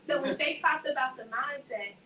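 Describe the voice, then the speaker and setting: Bright, lively woman telling her testimony. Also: high-pitched, moderate pace. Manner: animated, acts out the voices in her story. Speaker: speaker giving a faith testimony. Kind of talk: storytelling testimony to a group. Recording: echoey room, voice from a distance, faint background noise.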